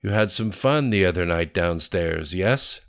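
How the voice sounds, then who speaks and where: A man doing a deep, casually menacing tattooed man. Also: expressive, measured pace, fairly bright tone, exaggerated voice. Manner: casual, smooth.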